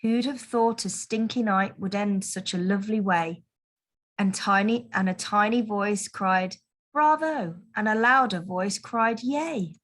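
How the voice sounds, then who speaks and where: A woman teacher reading a Christmas picture book aloud to children, in a gentle, expressive storytelling manner. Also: mid-range voice, unhurried. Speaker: primary school teacher.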